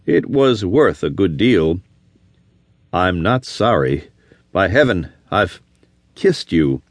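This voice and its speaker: A man's voice: low-pitched, very animated, slow, no echo, studio quality, exaggerated voice. A man playing a reckless, lovesick young frontier drifter who speaks bitterly and with passion. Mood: impassioned. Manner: bitter and impassioned.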